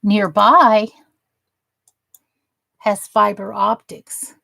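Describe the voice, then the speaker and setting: A woman chats through a casual crafting live stream, her voice gravelly with vocal fry. She takes her time over each thought and admires every piece she holds up. The recording is close and dry, with no room sound. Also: mid-range voice, fairly even intonation, very slow, sharp tone, dry recording. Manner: gushing and admiring, chatty asides.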